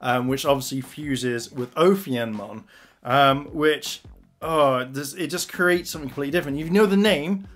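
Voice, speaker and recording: A man giving a casual, animated spoken review, retelling scenes and acting out the characters' lines with frustration. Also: fairly high pitch, normal speed, soft background music. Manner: excitable, animated retelling with acted-out quotes. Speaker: anime reviewer.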